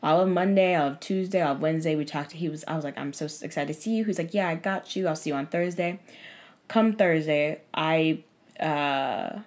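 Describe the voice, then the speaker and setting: A young woman telling a dating story on a podcast in casual, profane chat, animated and full of fillers. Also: sits low, brisk.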